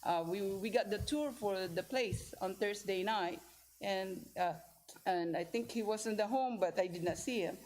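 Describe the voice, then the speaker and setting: A woman telling a congregation about a mission trip, in an informal, rambling way with many restarts and lively quoted asides. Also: mid-range voice, moderate pace, poor audio. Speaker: church member sharing a mission trip story. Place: church hall.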